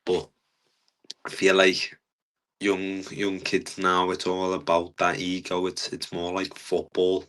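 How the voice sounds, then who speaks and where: Young man, guest fighter; very low, flat, bright-edged voice; earnest, hesitant delivery. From England. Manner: earnest, halting with many fillers. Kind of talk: casual interview talk.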